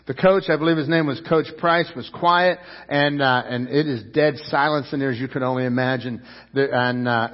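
A man delivers a sermon in a slightly high voice, spinning a story and pressing it home to his listeners. He lifts his voice to stress a point and drops to a near hush for the lesson. The sound is muffled and carries a long echo, as in a large church hall. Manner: storytelling preacher, rising and dropping to a hush. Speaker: pastor.

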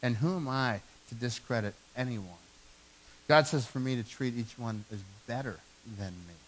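A man in his forties preaching a sermon in a church, telling stories with animated, self-mocking humor. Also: medium pitch, normal speed, poor audio. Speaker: pastor. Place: church sanctuary.

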